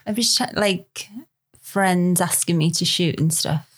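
A woman from Liverpool with a Scouse accent and a fairly low voice, chatting as a guest on a podcast. She keeps her answers short and a little hesitant. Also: unhurried, breathy edge. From Liverpool, England. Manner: soft-spoken, brief, hesitant answers. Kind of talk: casual interview chat.

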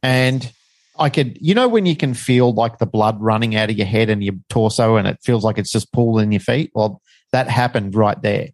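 A man's voice: lowish voice, moderate pace, dry recording. A middle-aged man, telling a personal story as a guest in a frank, rambling, self-deprecating way.

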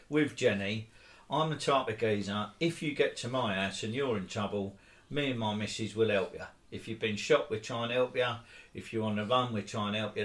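A man, co-hosting and telling a rambling story in casual chat, laughing and bursting into loud bits. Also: on the low side. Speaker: co-host, storyteller. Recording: echoey room.

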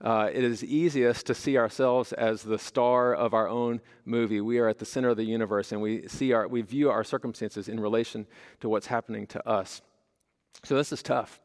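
A man preaching a conversational sermon, his voice gravelly with fry. The sound rings out with the long reverb of a large church hall. He asks the congregation questions and answers them himself. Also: medium pitch, fairly even intonation, normal speed. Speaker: pastor.

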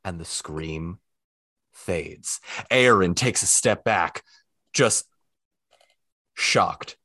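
A man narrating a tabletop game as its game master, with lively descriptive storytelling. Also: low voice, dry recording, studio quality. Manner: descriptive, quick asides.

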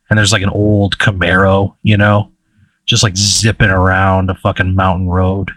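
A low-pitched man narrating as game master in a casual, meandering way. He stumbles through fillers and restarts. The sound is dry and close, with no room around it. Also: flat delivery, fairly bright tone, no echo. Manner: casual, halting, lots of fillers.

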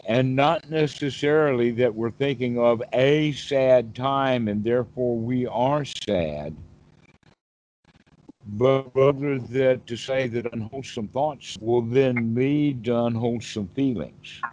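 A man's voice: medium pitch, takes it slowly, darkish tone, poor audio. A man, a Buddhist teacher, explaining patiently on a one-on-one call and asking rhetorical questions. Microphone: video call.

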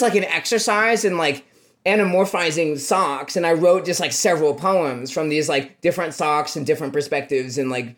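A man guesting on a podcast, talking casually in a rambling, halting way. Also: a little high. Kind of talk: casual chat.

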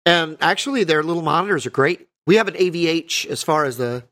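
A man co-hosting a podcast, rambling casually about guitars and PA gear, correcting himself and often clearing his throat. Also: on the high side, expressive, fairly quick, a bit bright. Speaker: podcast co-host, band guitarist.

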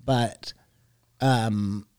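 A man's voice: on the low side, steady tone, extremely slow, darkish tone, clean tone, no room sound, clean studio sound. A man co-hosting a podcast in casual chat, rambling between thoughts and swearing offhandedly. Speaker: podcast co-host.

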